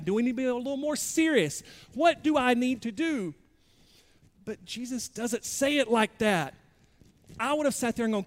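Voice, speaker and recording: High-voiced pastor preaching in a hall. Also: male voice, lively intonation, moderate pace. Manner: conversational, self-deprecating preaching with shifting loudness. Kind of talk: sermon.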